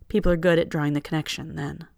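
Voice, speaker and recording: Hesitant, apologetic young woman, a little gravelly , read by the narrator. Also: mid-range voice, flat delivery, fast talker, a little mellow, no room sound, studio quality, close to an everyday voice. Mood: rueful.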